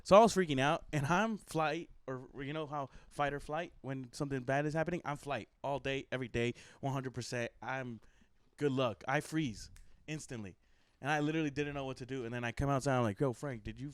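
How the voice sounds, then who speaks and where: A young man co-hosting a casual podcast, telling a story quickly with lots of "like" and laughter. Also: medium pitch, clean tone, dry recording. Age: young adult. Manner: fast, laughing storyteller full of "like" and "I was like". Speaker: podcast co-host.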